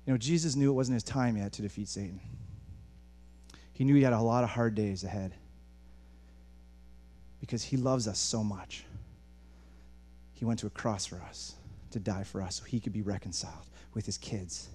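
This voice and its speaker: A male pastor preaching a sermon in an animated way, often restarting words and addressing the congregation directly. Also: lowish voice, moderate pace, pauses often, slight background noise.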